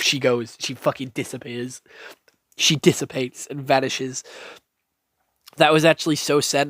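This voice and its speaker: Gushing, swearing man, higher voice. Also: a bit bright, dry recording, studio quality. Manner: gushing, profane, rambling with many likes and restarts. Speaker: anime reviewer. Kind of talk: casual spoken review.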